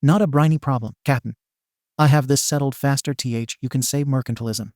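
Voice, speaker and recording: A swaggering, loud-mouthed young pirate hero from a comedy fan story, all bluster and boasting, as a male narrator puts him on. His voice sits at an average pitch and the recording is dry and close, with no room sound. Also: a little fast, no echo, lightly acted. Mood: cocky. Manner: swaggering pirate talk with lower, quieter voice. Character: boisterous young male pirate-themed hero, brash braggart.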